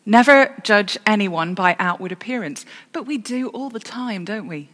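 A woman's voice: mid-range voice, animated, normal speed, a bit bright. Woman preaching in a reverberant church. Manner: storytelling with self-corrections and dry humour. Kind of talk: sermon.

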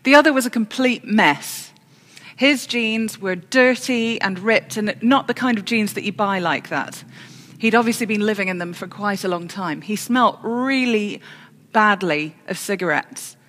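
A woman's voice: mid-range voice, a little slow, a bit bright. Woman preaching in a reverberant church. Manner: storytelling with self-corrections and dry humour. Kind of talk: sermon.

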